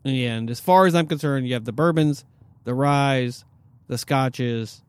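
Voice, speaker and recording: A man's voice: medium pitch, measured pace, clean tone, dry recording. A man hosting a casual podcast and running a quiz, with upbeat, announcer-like cues. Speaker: podcast host and quizmaster. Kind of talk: casual chat.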